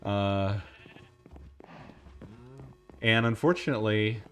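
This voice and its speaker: A man streams a game and chats casually, laughing often, swearing and rambling. His voice is lowish and slow, with a fairly bright, clean tone.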